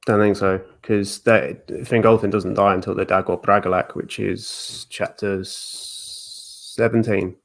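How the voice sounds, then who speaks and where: A man with a fairly low voice talks things through in a casual chat, pausing on fillers. He is thoughtful and drops in dry, facetious asides. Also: level tone, vocal fry, slight background noise. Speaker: guest discussing Tolkien lore.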